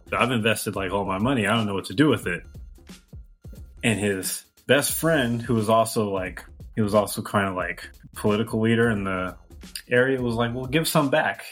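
A man co-hosting a podcast, chatting casually and relaxed, chuckling between remarks. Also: lowish voice, slightly rough. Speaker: podcast co-host. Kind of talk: casual chat.

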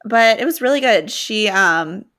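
A young woman with a mid-range voice co-hosts a casual podcast chat. She talks in a relaxed, reflective way and scatters "like" and "um" through her sentences. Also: mid-range voice, unhurried. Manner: chatty, reflective, many fillers. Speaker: podcast co-host.

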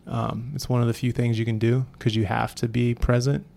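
Laid-back gravelly man, flat delivery. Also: mid-range voice, a little fast. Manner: laid-back, rambling, lots of fillers. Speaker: cyclist sharing stories. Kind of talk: casual chat.

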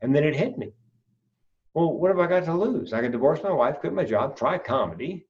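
A man's voice: a little high, fairly quick. Man telling stories, muffled and distant. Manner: animated storyteller, acts out voices. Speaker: podcast guest, comedian. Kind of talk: casual storytelling interview.

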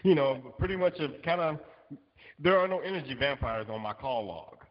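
A man's voice: medium pitch, expressive, normal speed. A man co-hosting a podcast in casual chat, talking loosely with many fillers. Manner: conversational, with many fillers like "you know". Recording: dull recording with long reverb.

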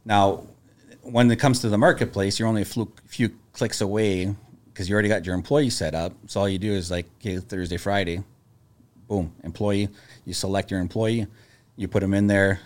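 A man, a business owner, talking in a casual podcast chat and telling stories in a calm, level-headed way. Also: low voice, moderate pace.

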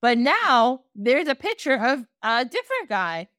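Woman, podcast host, casual storytelling, animated, laughs often, very lively pitch. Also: measured pace, dry recording, clean studio sound.

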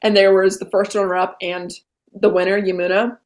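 A young woman in her late teens, a podcast guest, retelling events in a bubbly, animated way with lots of "I was like.". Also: medium pitch, a little fast. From Vermont. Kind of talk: casual interview storytelling.

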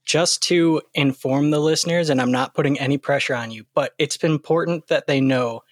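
Relaxed man asking questions. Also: a little high, moderate pace, no echo, clean studio sound. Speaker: podcast host. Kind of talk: casual chat, asking questions.

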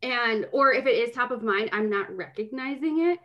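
A woman co-hosting a laid-back podcast with a fairly high voice. She talks in a chatty, rambling way, full of little fillers, as she asks her guest questions. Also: animated, normal speed, muffled recording. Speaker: podcast co-host. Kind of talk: casual podcast chat.

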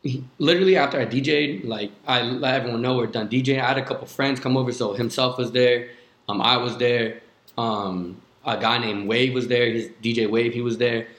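Fairly quick and fairly bright in tone, this mid-range male voice belongs to a young DJ appearing on a podcast. He recounts his story in a relaxed way, full of curse words and "like" fillers, in a room with noticeable echo.

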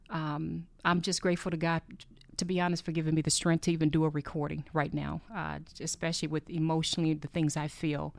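A woman's voice: on the low side, a little mellow, dry recording. A middle-aged woman hosting a faith podcast, talking in a heartfelt, rambling way and repeating herself often. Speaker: podcast host.

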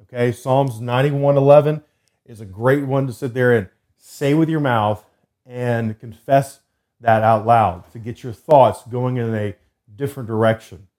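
A man hosting a faith podcast, talking loosely and earnestly and slowing down to read scripture with emphasis, recorded at a desk setup. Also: mid-range voice, fairly even intonation, a little mellow. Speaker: podcast host. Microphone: computer desk setup.

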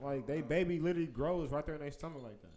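A young man from Cleveland in casual chat, quick to react and easily excited. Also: on the high side, a crowd in the background.

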